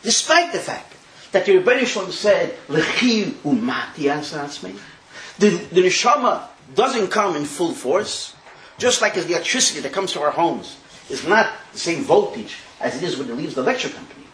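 A man teaching a Talmud class, telling the story in an animated way and mixing in Hebrew terms. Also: sits high, fairly quick, slight background noise. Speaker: Torah teacher. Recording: echoey room.

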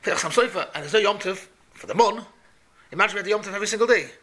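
Torah teacher, man, high and bright, animated questioning lesson. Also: rapid-fire. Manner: questioning, animated, repeats points. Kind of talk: Talmud class for boys.

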